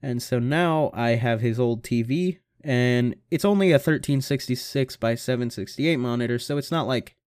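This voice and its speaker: A man's voice: medium pitch, normal speed, hardly any pauses, a little mellow, clear, resonant tone, dry recording, clean studio sound. A young man in his late teens hosting a casual solo podcast from a home mic setup, rambling and swearing with self-mocking humor. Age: young adult. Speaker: podcast host. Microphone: home computer microphone.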